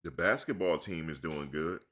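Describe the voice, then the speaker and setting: A man's voice: rumbling low, normal speed, a bit bright. A man hosting a live chat, talking loosely and animatedly, full of slang and "dude". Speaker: live stream host. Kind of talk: casual live chat commentary.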